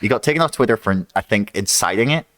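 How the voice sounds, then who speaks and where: Male podcast host, low voice, dry close mic, profane, animated storyteller. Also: fast, no room sound. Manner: swears freely, animated storytelling. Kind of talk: casual chat.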